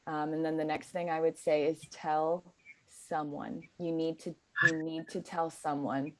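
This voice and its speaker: A woman's voice: deep voice, little pitch movement, measured pace. A woman in her twenties, a guest speaking earnestly and casually, with frequent fillers and restarts. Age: 20s. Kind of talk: casual conversation.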